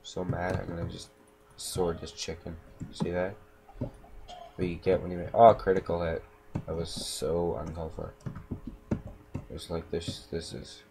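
A man's voice: sits low, steady tone, measured pace, vocal fry, pauses often, darkish tone. A man giving casual gameplay commentary at home, mumbling and talking to himself as he plays. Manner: mumbling, talks to himself while playing. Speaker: gameplay recorder. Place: home room. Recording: noisy home recording with keyboard clicks.

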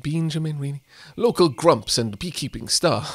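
A man's voice: a little high, sing-song, normal speed, dry recording. A young man casually commentating while playing a game, joking and reading text aloud. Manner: playful, reads text aloud, jokes, many fillers. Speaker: let's play host.

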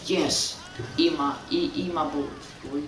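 A man giving casual, excitable gameplay commentary, rambling and repeating his exclamations as he plays. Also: on the high side, a little slow. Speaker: gaming channel host. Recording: roomy, distant mic, noisy.

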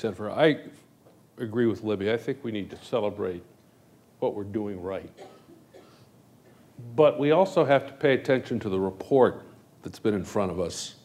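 A man's voice: lowish voice, a little mellow. A man, a candidate for governor, delivering an emphatic closing statement at a public forum, building his points through repetition. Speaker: gubernatorial candidate. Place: forum hall.

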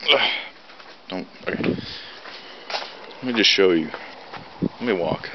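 A young man from North Carolina, out of breath from shoveling, rambling casually to his camera outdoors in deep snow. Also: expressive, takes it slowly. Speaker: vlogger. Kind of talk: casual vlog. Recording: dull low-fi camera audio with faint noise.

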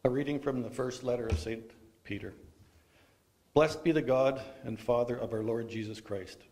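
A man serving as lay reader at a funeral, reading scripture and leading the psalm response with clear projection. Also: medium pitch, moderate pace, a little mellow.

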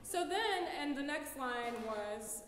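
A woman's voice: high voice, lively intonation, slow pace, noisy background. A woman artist giving a casual public talk in a lecture hall, loose and chatty, peppering her speech with "like" and laughing easily.

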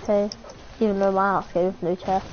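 A woman's voice: medium pitch, flat delivery, fairly quick, slight background noise. A young woman in casual, joking banter while playing a game. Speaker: player. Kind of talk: casual gaming chat. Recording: dull lo-fi mic.

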